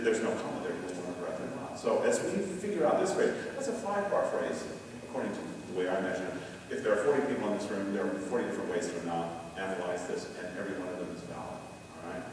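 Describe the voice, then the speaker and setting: A man's voice: medium pitch, lively intonation, brisk. A man leading a choral conducting workshop, talking through a score and singing short phrases aloud to demonstrate. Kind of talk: conference lecture on score study. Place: large lecture hall. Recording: echoey hall recorded from far off with faint hiss.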